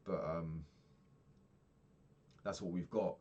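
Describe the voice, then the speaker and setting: A man's voice: low-pitched, steady tone, slow, a little mellow, slightly rough, dull audio. A young man in a casual diary vlog, rambling and swearing as he rants about his money. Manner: rambling, swears a lot, ranting. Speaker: vlogger.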